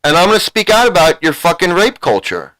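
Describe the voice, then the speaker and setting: A man on a YouTube channel tears into his viewers in a heated, profane rant. His voice sits fairly high for a man, and he hammers the same points over and over. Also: sing-song, a little fast, pushed and bright, poor audio. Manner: heated, profane, repeating himself, confrontational. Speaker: YouTube commentator. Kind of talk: angry rant to a live chat.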